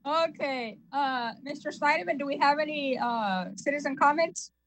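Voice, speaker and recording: A woman with a high voice chairs a board meeting, reading agenda items formally with small hesitations. The sound is dry and close, with no room echo. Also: moderate pace, a bit bright. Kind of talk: chairing a virtual public meeting.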